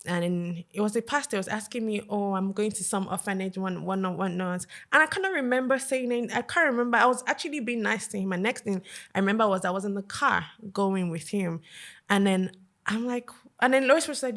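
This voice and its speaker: A woman guest on a podcast, telling a personal story in a soft, hesitant way with many fillers. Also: mid-range voice, a little fast.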